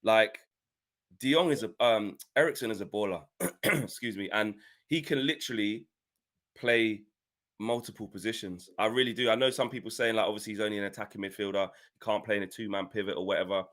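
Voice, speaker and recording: A man's voice: on the low side, a little fast, a bit bright. A man, making an earnest case about football on a casual podcast panel.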